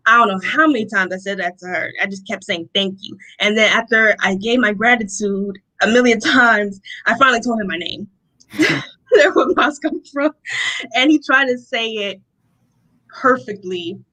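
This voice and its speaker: A young woman with a bright, forceful voice shares her personal testimony in an interview. She tells the story in a lively way and acts out what people said, with frequent laughter. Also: fairly high pitch, normal speed, low-quality recording. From Rochester, New York. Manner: animated storytelling, acts out quotes, laughs often. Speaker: interview guest.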